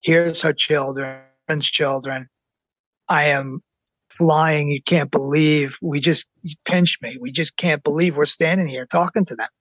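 A middle-aged man telling a personal story in an excited, earnest way, slowing down to stress the big moments. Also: on the high side, no room sound, dull audio. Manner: excited, earnest, slows down for emphasis. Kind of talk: personal anecdote.

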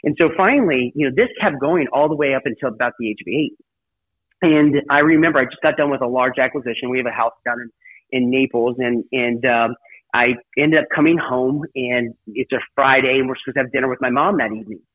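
A man's voice: medium pitch, fairly quick, husky, no room sound. A middle-aged man, an interview guest, telling a personal story in a rambling way full of "you know" fillers. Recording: tinny phone-line sound, dry.

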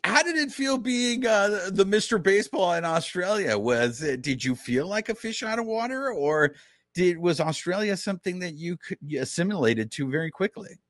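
A man's voice: sits high, lively intonation, normal speed, fairly bright tone, no room sound, clean studio sound. A man hosting a podcast, asking long, enthusiastic, rambling questions in a casual chat. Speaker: podcast host.

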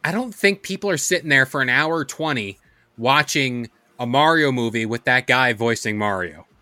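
Male co-host, bright voice, dry close sound, relaxed chat full of "like". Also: medium pitch, moderate pace, dry recording. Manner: relaxed, with many "like" fillers. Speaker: podcast co-host. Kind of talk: casual chat.

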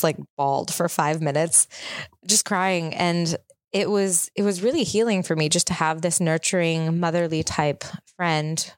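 Her voice low and clean, a thirtysomething woman hosts a podcast and recounts something from her own life, casual, candid and thoughtful. The recording is dry and of studio quality.

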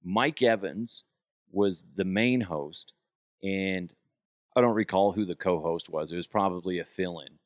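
A man's voice: low-pitched, dry recording, clean studio sound. A man hosting a podcast, telling stories in a loose, profane, rambling way. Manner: loose, profane, rambling, with quick jumps into put-on voices. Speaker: podcast host. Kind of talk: casual storytelling chat.

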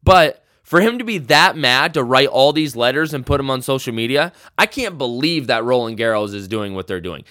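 A man hosts his own sports podcast and rants with real passion. His voice is smooth and clear, and the sound is close and dry. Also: mid-range voice, animated, moderate pace, hardly any pauses, pushed and bright, no room sound. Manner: passionate, fired-up rant. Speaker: podcast host. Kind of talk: solo sports podcast rant.

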